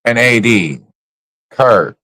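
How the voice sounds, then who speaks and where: A man's voice: medium pitch, expressive, drawn-out words, sharp tone, dry recording, rough recording. A man streaming live, ranting bluntly about other creators in casual, profane slang. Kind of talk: casual livestream rant.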